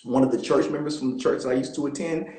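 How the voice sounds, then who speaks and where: Relaxed man telling stories on a video call. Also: medium pitch, quick pace, echoey room, rough recording. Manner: relaxed, animated storytelling with fillers. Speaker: guest actor. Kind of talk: casual interview storytelling.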